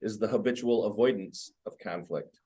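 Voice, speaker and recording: A man co-hosting a podcast about marriage who speaks in a low, slightly husky voice. He reflects on what the guest shares and affirms it in an easy, conversational way. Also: moderate pace, warm tone. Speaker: podcast co-host. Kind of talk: casual interview chat.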